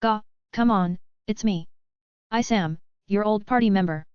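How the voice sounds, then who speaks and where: A woman's voice: medium pitch, unhurried, smooth, no echo, lightly acted. A woman voicing a big, earnest male wolf beastkin who insists he is an old friend. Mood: pleading. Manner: pleading, insistent. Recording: dry, slightly dull lo-fi.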